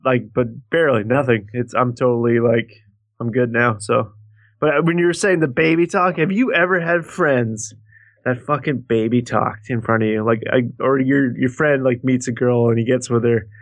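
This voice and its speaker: A man's voice: medium pitch, normal speed, no room sound. A man co-hosting a podcast in loose, profane, casual comedic chat, laughing often. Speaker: podcast co-host.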